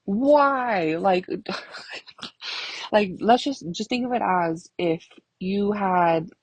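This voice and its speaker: A woman's voice: mid-range voice, slow pace, a little mellow, breathy edge, no room sound, rough recording. A young woman telling stories in a casual, rambling, profane way, laughing often. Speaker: vlogger. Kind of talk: casual storytelling.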